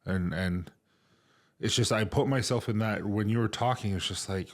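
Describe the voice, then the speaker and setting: A middle-aged man co-hosting a podcast, talking casually and emotionally with lots of fillers and restarts. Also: lowish voice. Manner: halting, emotional, many fillers. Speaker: podcast co-host. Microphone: remote recording setup.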